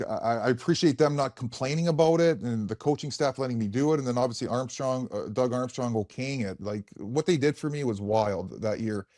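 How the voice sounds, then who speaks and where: A man's voice: mid-range voice, a little mellow, no room sound, clean studio sound. A man in his forties, a former hockey player, telling stories on a podcast in a frank, rambling way full of fillers and swearing. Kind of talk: casual podcast storytelling.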